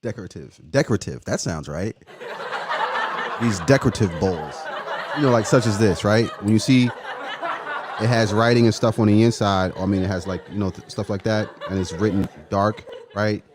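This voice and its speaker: A man hosting a casual livestream, chatting loosely and giving shout-outs to viewers by name. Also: lowish voice, normal speed, background noise. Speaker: livestream host.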